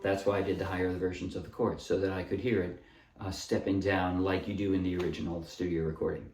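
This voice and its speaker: A man's voice: deep voice, quick pace, over music. A man casually teaching a ukulele song, explaining chords and strums and singing short bits as he plays. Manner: relaxed, explains while playing, sings short snippets. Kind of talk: casual music tutorial. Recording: roomy echo, voice a bit far from mic, loud ukulele. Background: ukulele playing.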